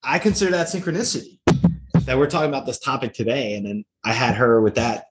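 A middle-aged man hosting a podcast, eager and enthusiastic, quick to affirm his guest. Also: mid-range voice, background noise. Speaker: podcast host. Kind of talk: podcast interview talk.

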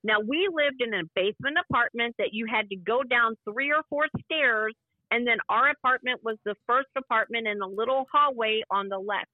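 A woman's voice: on the high side, normal speed, dry recording. A woman in her fifties, an interview guest, telling a personal story in vivid, emotional detail and acting out what people said. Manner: vivid, emotional retelling that acts out past dialogue. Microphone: phone call. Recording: dry, tinny phone line.

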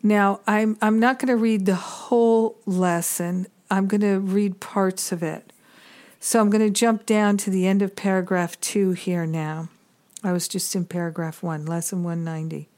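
A woman giving a reflective spiritual teaching talk, measured and earnest, pausing often between thoughts. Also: medium pitch, fairly even intonation, darkish tone.

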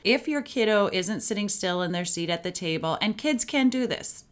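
A woman's voice: medium pitch, expressive, normal speed, clean tone. A woman, a parenting coach, hosting a solo podcast in an upbeat, matter-of-fact coaching tone.

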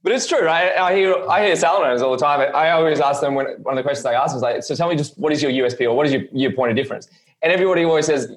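A man interviewing a guest over a video call, eager and quick to agree. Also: fairly high pitch, lively intonation.

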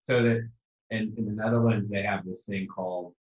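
A man talking as a guest in a casual chat, telling stories in a relaxed way. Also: fairly low pitch, normal speed, echoey room, muffled recording.

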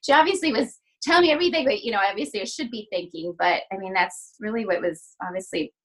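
A woman's voice: mid-range voice, fast talker, fairly bright tone, poor audio. Earnest middle-aged woman telling her story. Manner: earnest, many fillers and restarts, acts out quoted dialogue. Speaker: physical therapist and practice owner, podcast guest. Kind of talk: emotional personal story in a podcast interview.

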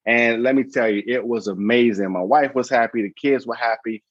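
A man's voice: medium pitch, normal speed, no echo, muffled recording. A man in his thirties, a podcast guest and founder, telling a story casually and acting out the voices in his anecdotes. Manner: animated, acts out voices in anecdotes.

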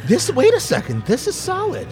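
Soft music plays behind a middle-aged podcast host whose voice is extremely high and darkish, swooping wildly in pitch at a normal speed. Hosting a casual tasting chat, he rambles, interrupts himself to restart sentences, and keeps things jokey.

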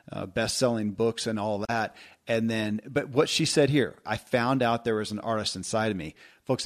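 A man hosting a podcast, telling stories in a casual, animated way with self-deprecating laughter. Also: lowish voice. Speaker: podcast host.

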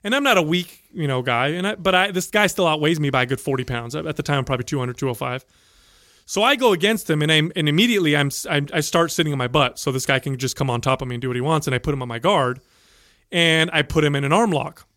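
A man telling a story in casual chat, animated and profane, acting out the voices of the people in it. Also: a little high, fast talker, dry recording, clean studio sound.

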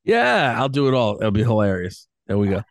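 A man co-hosting a podcast in casual chat, animated and joking, with lots of fillers and laughter. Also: fairly low pitch, brisk, dry recording, studio quality. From East Coast of the US. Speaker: podcast co-host.

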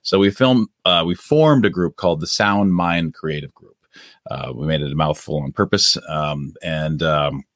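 A man's voice: very deep voice, moderate pace, a bit bright, no room sound, studio quality. A man, a documentary director, talking casually as a guest in an interview, earnest and rambling with many restarts.

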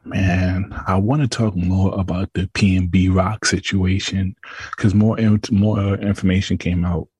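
A man co-hosting a casual podcast in a put-on low sultry voice, laid-back and slangy, laughing often. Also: fairly even intonation, a little slow, a little mellow, slightly rough, no echo. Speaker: podcast co-host.

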